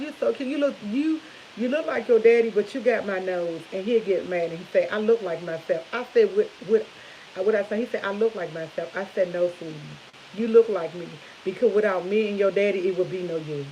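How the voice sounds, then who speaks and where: A woman's voice: mid-range voice, a little mellow, poor audio. Casual chatty woman on a livestream, goes on and repeats herself, slight hiss in the background. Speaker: livestream host. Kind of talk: casual chat to viewers.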